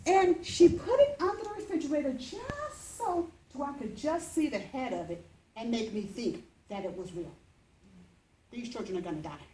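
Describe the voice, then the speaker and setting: A woman in her fifties telling a personal story as a speech, lively and acting out the voices. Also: moderate pace, roomy sound, slight background noise, poor audio. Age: 50s. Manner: animated, acts out voices with big pitch jumps.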